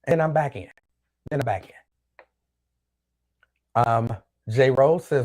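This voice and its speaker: A show host, a man speaking at medium pitch with a slightly dark tone, talks slowly and leaves long pauses. He chats casually on his own and reads out viewer comments in a loose, rambling, repetitive way.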